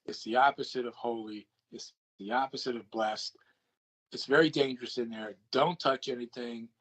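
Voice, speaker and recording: An older man appears as a guest, telling a personal anecdote with animation and acting out the dialogue he quotes. His voice sits at medium pitch and moves at a moderate pace, though the audio is poor.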